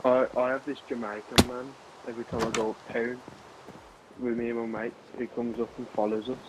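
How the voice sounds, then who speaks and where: A young streamer chats with friends while gaming, rambling through an anecdote with many restarts and laughs. His mid-range voice is flat and a little fast, with background noise.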